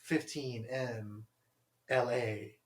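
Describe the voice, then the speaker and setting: A man's voice: mid-range voice, steady tone, very slow. A young man co-hosting a podcast, telling stories in a rambling casual way, full of "like" and acted-out quotes. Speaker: podcast co-host. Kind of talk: casual chat. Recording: roomy echo.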